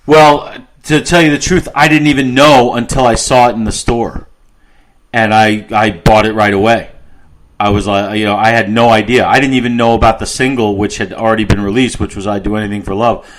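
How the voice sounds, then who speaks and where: Low-voiced New man telling stories. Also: fairly even intonation, fairly quick, rough recording. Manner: rambling anecdotal storytelling with restarts and laughs. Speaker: podcast co-host. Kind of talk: casual music podcast chat.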